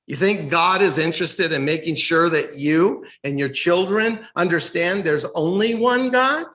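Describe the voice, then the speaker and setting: A man's voice: a little high, measured pace, hardly any pauses, bright, forceful tone. An American man teaching a Bible study in a sermon style, emphatic, reading scripture aloud and asking rhetorical questions. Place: church hall. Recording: echoey room.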